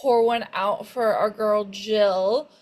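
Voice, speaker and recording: A woman in casual podcast chat, easygoing and agreeable, quick to laugh. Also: medium pitch, steady tone, a little mellow. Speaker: podcast co-host.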